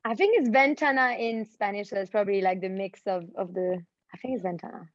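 A woman's voice: mid-range voice, fairly quick. A woman joining a casual radio chat as a guest, talking in a cheerful, friendly way. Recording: dull lo-fi line.

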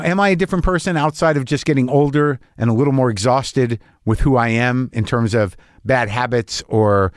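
A man's voice: medium pitch, no room sound. Candid rambling middle-aged man, dry sound. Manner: rambling, candid, profane, self-deprecating. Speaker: podcast host. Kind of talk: casual monologue.

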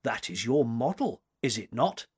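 A brisk, imperious old woman critic fires off curt questions, put on by a man reading a storybook aloud. Her lines swing lively and high, with a husky grain to the voice. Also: exaggerated voice. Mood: brisk commanding. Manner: curt, commanding, searching questions. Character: sharp, imperious elderly woman art critic.

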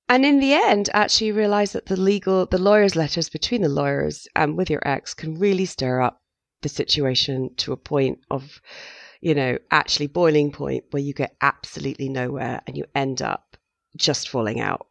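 A middle-aged woman, a journalist, speaking frankly as a guest in an interview, telling her story with lively quoted asides. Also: low-pitched, moderate pace, creaky, no echo. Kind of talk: candid interview conversation.

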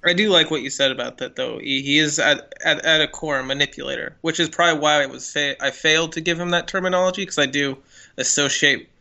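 A man's voice: on the high side, vocal fry, sharp tone. A man co-hosting a podcast, analyzing a character in casual talk, stumbling over his openings before making his point. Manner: stammering restarts, measured analysis. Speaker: podcast co-host. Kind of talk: casual film discussion.

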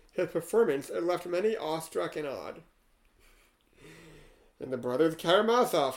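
A man co-hosting a podcast, casually chatting and reading a rhyming poem aloud with deadpan, wry asides. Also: a little high, low-quality recording. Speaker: podcast co-host.

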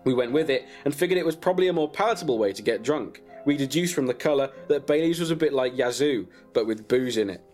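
Brief: male comic storyteller, lively up-and-down delivery, deadpan, faint music behind. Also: medium pitch, quick pace, few pauses. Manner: deadpan, crude, breaks into laughter. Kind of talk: comic reading of a personal story.

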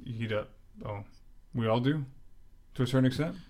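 A man co-hosting a podcast in casual chat, often agreeing with quick repeated affirmations. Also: mid-range voice, darkish tone. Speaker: podcast co-host.

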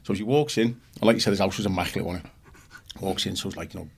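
A man's voice: low-pitched, quick pace, creaky, slightly rough. A middle-aged man, a podcast guest, telling rambling stories in casual chat, swearing freely and acting out what others said. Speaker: podcast guest, former footballer.

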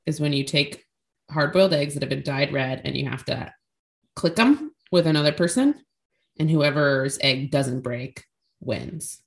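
A woman co-hosting a casual podcast chat, sarcastic and animated with quick asides. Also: low-pitched. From Greek-American family. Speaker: podcast co-host.

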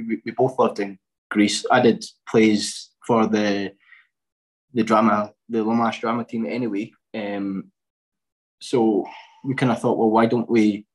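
A man's voice: lowish voice, darkish tone, poor audio. Young man, rambling casual chat, lots of ums and restarts. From Scotland. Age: 20s. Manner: rambling, many fillers and restarts. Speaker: podcast guest.

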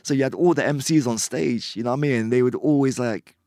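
A man, chatting casually as an interview guest, relaxed and rambling with many fillers. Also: mid-range voice, fast, no echo, studio quality. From Bristol, England. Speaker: guest musician.

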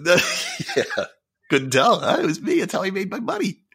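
A man co-hosting a podcast, chatting casually in an animated, rambling way and laughing often. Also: high-pitched, unhurried, gravelly, husky. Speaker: podcast co-host. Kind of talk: casual chat.

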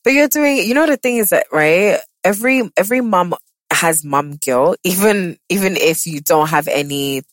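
A young woman hosting a podcast, emotional and warm in a casual heartfelt chat, often restarting her sentences and acting out quotes in lively voices. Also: fairly low pitch, no room sound. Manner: emotional, halting restarts, animated quoting. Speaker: podcast host.

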